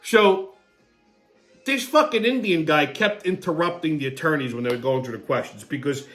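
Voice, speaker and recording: A man's voice: fairly high pitch, moderate pace, a bit bright, soft background music. A man hosting his own show, telling a long story in a blunt, rambling and profane way. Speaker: host. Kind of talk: casual storytelling monologue.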